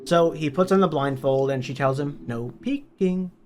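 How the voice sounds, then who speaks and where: A man's voice: on the high side, moderate pace, a little hiss or hum. A man, a book reviewer, retelling a novel's story in a plain, matter-of-fact way. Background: faint background music.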